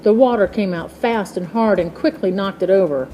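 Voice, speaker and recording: A woman reading a children's book aloud in a slow, expressive storytelling manner. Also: mid-range voice, a little hiss or hum.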